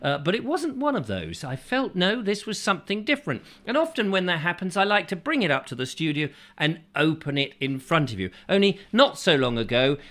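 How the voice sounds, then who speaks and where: A man chats through a live stream, reading out names and joking around. His pitch jumps about in an animated way, and his tone is bright and forceful. He sounds playful and a touch silly. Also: fairly quick, hardly any pauses. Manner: playful, jokey, drifting into silly voices. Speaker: host. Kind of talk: casual live-stream chat.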